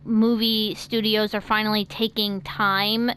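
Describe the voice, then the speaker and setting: An American woman talks casually in a chatty, rambling way, with plenty of fillers and restarts. Her pitch sits in an ordinary middle range. A faint hum of noise runs underneath. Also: level tone, unhurried, fairly bright tone. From United States. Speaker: host. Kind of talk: casual chat.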